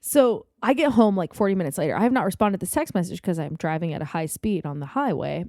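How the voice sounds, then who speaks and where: A woman telling a bad date story in casual chat, lively and swearing as she acts out what people said. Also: fairly low pitch, fast talker, no room sound, studio quality. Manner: animated, swearing, acts out quotes. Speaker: guest.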